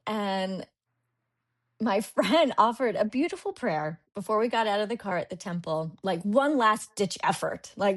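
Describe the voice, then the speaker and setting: A young woman in her twenties, a guest on a podcast interview, tells a personal story and acts out her past thoughts as she goes. Her medium-pitched voice is expressive and moves at a moderate pace.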